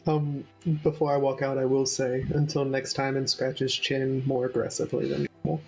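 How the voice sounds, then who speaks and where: A man's voice: mid-range voice, completely flat delivery, moderate pace, vocal fry, faint music behind, low-quality recording. A man playing in a tabletop game, chatting casually and joking at the table. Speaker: player.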